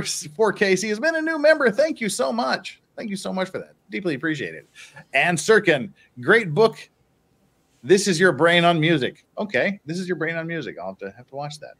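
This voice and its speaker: A male host with a slightly raised, very animated voice, joking his way through viewer messages. He talks casually and chuckles often, bouncing his pitch all over the place. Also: normal speed. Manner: jokey, teasing, chuckles often. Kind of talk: casual live-stream commentary.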